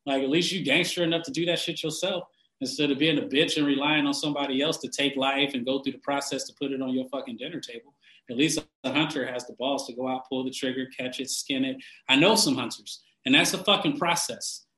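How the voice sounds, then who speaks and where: A man ranting casually and bluntly, swearing constantly, laughing often and getting animated when he mocks people. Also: mid-range voice, fast talker, reverberant, poor audio. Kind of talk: casual profane rant.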